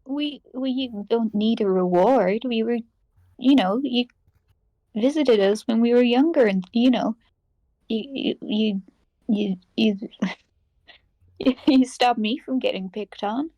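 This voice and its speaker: A woman's voice: a little high, mellow, no echo, low-quality recording. A woman playing a character in a tabletop game, speaking hesitantly with many restarts. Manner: hesitant, halting. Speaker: player.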